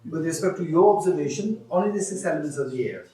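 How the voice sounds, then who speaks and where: A man's voice: a little high, lively intonation, fast, mellow, far from the mic. A man teaching a retreat class in a hall, often checking whether the students follow and repeating his points. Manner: questioning, repeats himself, laughs with students. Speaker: Buddhist teacher. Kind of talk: dharma teaching with questions to students. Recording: echoey hall, voice off-mic.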